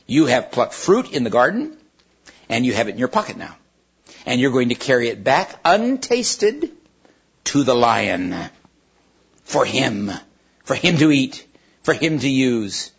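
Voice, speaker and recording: A man reading a storybook aloud, voicing a proud female witch who coaxes and tempts in a husky voice. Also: medium pitch, very animated, unhurried, long pauses, exaggerated voice. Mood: coaxing. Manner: coaxing, wheedling persuasion. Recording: dull lo-fi recording.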